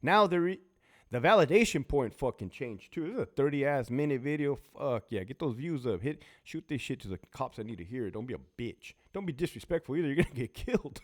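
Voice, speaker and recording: A man's voice: medium pitch, animated, brisk. A man with a Californian accent, a former prison officer, tells profane stories in a blunt monologue and mimics other people's voices.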